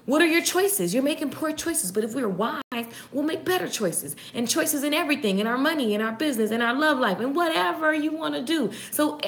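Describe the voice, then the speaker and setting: A woman hosting a casual inspirational live stream, energetic and chatty, greeting viewers by name. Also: high-pitched, a little fast, hardly any pauses.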